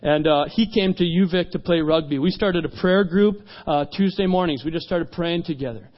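A male youth pastor preaching, telling stories and acting out dialogue with rising intensity. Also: normal speed. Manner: animated, acts out dialogue, rises in pitch and volume at climaxes. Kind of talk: sermon with storytelling. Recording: dull lo-fi sound.

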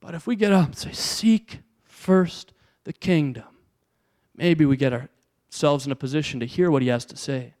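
A man's voice: mid-range voice, fast, few pauses, darkish tone. A man preaching a sermon as a pastor, talking in a conversational way and asking his listeners rhetorical questions.

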